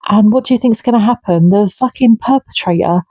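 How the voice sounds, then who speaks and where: A woman's voice: mid-range voice, fairly quick, warm tone, no room sound. A woman ranting to camera, heated and indignant, swearing freely. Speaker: vlogger. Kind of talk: impassioned political rant.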